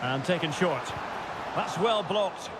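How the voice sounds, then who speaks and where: A man with a high voice calls a football video game match in clipped play-by-play lines. His calls climb sharply whenever a chance or goal comes. Loud stadium noise rumbles under every line. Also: lively intonation, slow pace. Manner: crisp play-by-play calling player names, rising sharply on chances and goals. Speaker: football commentator.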